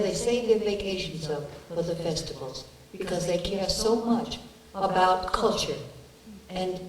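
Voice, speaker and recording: A woman's voice: mid-range voice, a little mellow, reverberant, far from the mic, a little hiss or hum, low-quality recording. A woman, an actress joining a film Q&A remotely, giving a heartfelt, earnest and emphatic speech. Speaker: actress guest on a remote video link.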